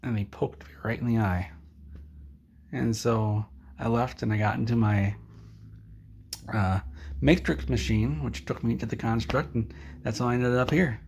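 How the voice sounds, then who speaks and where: A man vlogger telling a rambling comic tall tale to the camera in a deadpan way, with a gravelly voice. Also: medium pitch, unhurried, pauses often, slight background noise.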